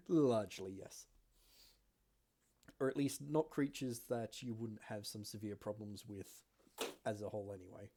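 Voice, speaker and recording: A man runs the game with a low, gravelly voice and a faint hiss behind him. He talks in a relaxed, matter-of-fact way, filling pauses with soft ums. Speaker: game master. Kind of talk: narrating a tabletop game over a call.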